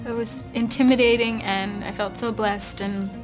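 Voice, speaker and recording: A woman, an actress in an interview, gushing warmly about her co-stars. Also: medium pitch, steady tone, moderate pace, music in the background. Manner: gushing, effusive. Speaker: actress promoting a film. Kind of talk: casual interview chat.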